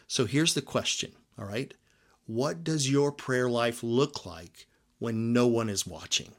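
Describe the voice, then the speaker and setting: A man preaching a sermon as pastor, talking conversationally and often checking in with the listeners with a quick "right?". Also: medium pitch, fairly bright tone.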